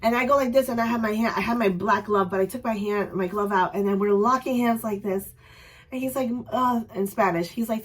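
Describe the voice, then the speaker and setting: A young woman vlogger casually telling a story to camera, animated and acting out voices, her voice a little strained. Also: brisk. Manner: animated, acts out voices with loud high yells. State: voice slightly strained.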